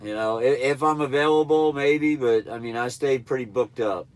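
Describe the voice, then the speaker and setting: A man's voice: mid-range voice, moderate pace. Nasal man chatting on a live stream. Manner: laid-back, rambling, blunt. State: stuffy nose. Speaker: truck driver trainer livestreaming. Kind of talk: casual live-stream chat answering viewers.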